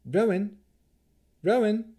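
A man voicing a gentle, caring woman warlock who speaks with concern. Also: a little high, sing-song, normal speed, husky, pitched above the performer's own voice. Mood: urgent.

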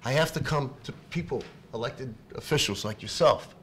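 Man, middle-aged, emotional public comment, stammering then shouting, faint room noise. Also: mid-range voice. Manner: impassioned, halting, repeats words, swings from quiet to shouting. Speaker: parent speaking at public comment. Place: public meeting hall.

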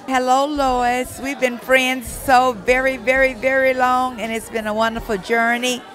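A woman in her seventies giving a gentle birthday message to a friend of many years. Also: sits high, level tone, measured pace, soft background music, a faint crowd, rough recording. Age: 70s. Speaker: longtime friend.

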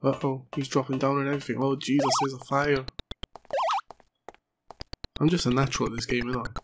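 Excitable gamer, hoarse, noisy audio. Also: male voice, medium pitch, brisk. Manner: excitable, swears a lot, chatty. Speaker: gaming channel host. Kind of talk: let's play commentary. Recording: noisy home recording.

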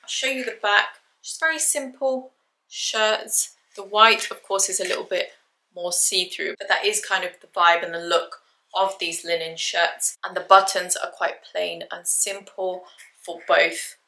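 A woman's voice: lowish voice, steady tone, unhurried, pushed and bright, roomy sound. A young woman, chatting upbeat to camera about a shopping haul, her voice jumping up whenever she says a price. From England. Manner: chatty, upbeat, voice jumps up when saying prices. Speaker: fashion haul vlogger. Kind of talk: casual haul chat to camera.

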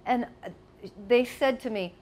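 A woman's voice: fairly high pitch, measured pace, darkish tone. A woman casually reminiscing about her past while showing photos, chatty with many asides. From United States. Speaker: storyteller.

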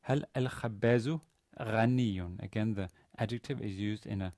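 A man giving a university grammar lecture, pausing often with fillers and restarting his sentences. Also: fairly low pitch, a little mellow, dry recording. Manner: hesitant, many fillers and restarts. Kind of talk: classroom lecture. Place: university classroom.

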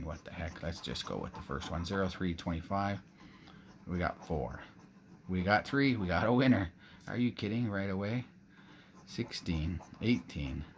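A deep-voiced, middle-aged Canadian man hosts a casual scratch-off ticket vlog, with a little hiss or hum in the audio. He chats with viewers, calling them "guys," and exclaims often in excited, casual commentary.

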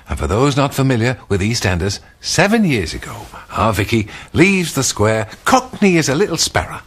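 Man, TV host, husky voice, wildly sing-song pitch, playful mock-grand delivery. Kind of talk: scripted studio presenting.

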